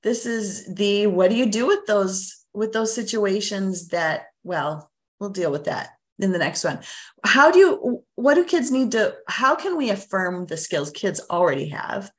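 A woman's voice: mid-range voice, expressive, unhurried. Woman parenting coach, earnest, teacherly, repeats points, casual podcast guest. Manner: earnest, explanatory, teacherly repetition. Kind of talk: casual interview chat.

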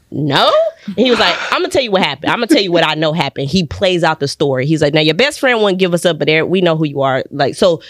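Lively woman storyteller, dry close sound. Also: quick pace, dry recording. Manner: lively, acts out quoted voices with sudden high jumps. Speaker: podcast guest, actress. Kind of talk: animated personal storytelling. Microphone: studio podcast mic.

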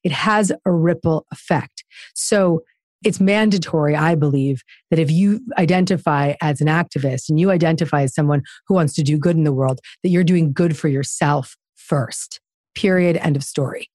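A woman's voice: low voice, normal speed, darkish tone, no room sound, studio quality. A woman guest author talking in an interview, emphatic and preachy in her delivery. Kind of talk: conversational interview.

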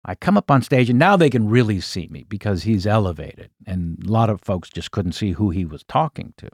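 Animated older man telling a story. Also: on the low side, a little fast, dry recording, clean studio sound. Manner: animated, with frequent asides and self-corrections. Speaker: guest comedian. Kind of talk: anecdotal storytelling in an interview.

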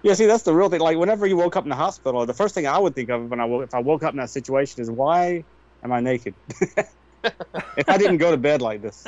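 A man's voice: fairly high pitch, animated, fast talker, a little mellow, dull audio. A man from the United States co-hosting a podcast in casual chat, chiming in with agreement and laughing often. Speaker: podcast co-host.

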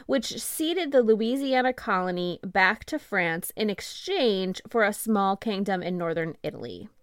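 Woman reading history script, dry close sound, steady pace. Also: medium pitch, no room sound. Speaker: podcast co-host.

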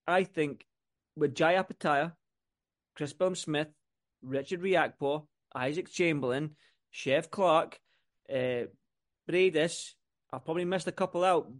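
A man's voice: on the high side, unhurried, long pauses. A man co-hosting a podcast, chatting about boxing with enthusiasm and lots of repeated words. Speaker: podcast co-host. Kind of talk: casual boxing chat.

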